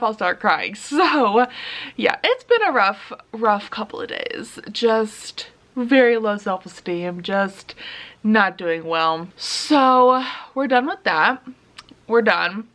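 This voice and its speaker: A woman's voice: fairly high pitch, measured pace, fairly bright tone. A young woman talking candidly to the camera in a confessional vlog, laughing between sentences. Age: young adult. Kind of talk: casual confessional vlog chat.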